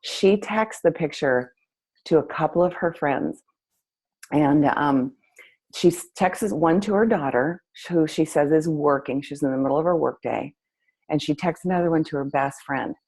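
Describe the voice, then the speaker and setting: Breathy woman telling a lively story. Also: deep voice, normal speed, low-quality recording. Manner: animated, acts out both sides of a conversation. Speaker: host. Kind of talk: storytelling to an audience.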